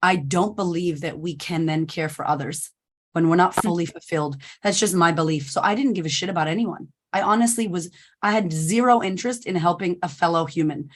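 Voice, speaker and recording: A woman guest on a podcast, telling her story in a candid, animated conversational way. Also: fairly low pitch, brisk, slight background noise. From United States. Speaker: podcast guest, confidence coach. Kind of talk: conversational interview.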